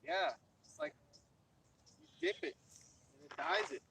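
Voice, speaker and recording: A man fishing nearby who chats casually, tells stories with loose energy and swears now and then. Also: unhurried. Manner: loose, swears, animated storyteller. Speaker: fellow angler. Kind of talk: casual chat. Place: outdoors at a lake. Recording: distant from the phone, clear outdoor noise.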